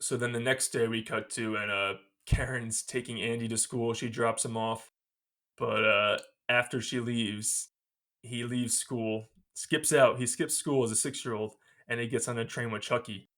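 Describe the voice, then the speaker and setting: A man hosting a podcast, retelling a movie scene by scene in a casual, animated way and laughing often. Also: mid-range voice, moderate pace. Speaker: podcast host.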